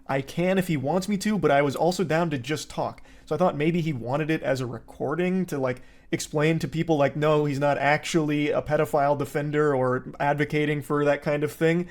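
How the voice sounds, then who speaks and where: A slightly higher-pitched man narrating his side of a dispute for a video. He sounds indignant and firm, slipping into dry sarcasm now and then. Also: steady tone, a little fast, hardly any pauses. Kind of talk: recorded video commentary.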